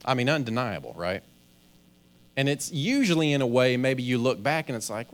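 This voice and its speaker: A male pastor delivers a sermon in an easygoing, conversational way. He keeps voicing the inner thoughts of ordinary people and stumbles over his own restarts. His pitch sits in the middle of the male range. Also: big pitch swings, normal speed. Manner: conversational preaching, acts out inner voices, stammers on restarts.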